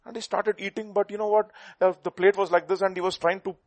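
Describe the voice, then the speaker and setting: A man's voice: high voice, fast talker. A man preaching a sermon, asking the congregation questions and telling a folk story to make his point. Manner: animated, rhetorical questions, storytelling.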